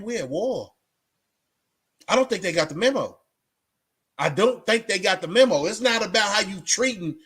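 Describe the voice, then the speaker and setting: A Texan vlogger with a high, slightly bright voice delivers a casual straight-talk monologue. He's preachy and emphatic, repeating himself as he drives his message home.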